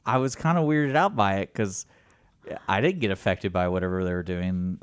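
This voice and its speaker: A man's voice: deep voice, normal speed, smooth, no echo. A man co-hosting a radio talk show, telling a story in a rambling casual way. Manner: rambling, many fillers and restarts. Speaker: radio co-host. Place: radio studio.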